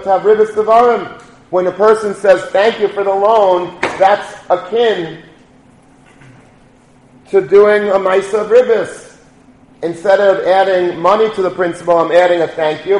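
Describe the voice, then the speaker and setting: A man voicing an exacting elderly male yeshiva mentor who scolds with emphatic, drawn-out stresses. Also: sits high, natural voice. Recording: echoey room.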